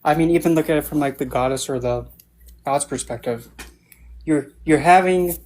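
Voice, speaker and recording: A man's voice: a little high, moderate pace, a little mellow. Man, guest author, casual livestream chat, meandering storyteller who loses and finds his thread. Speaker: book club guest and author.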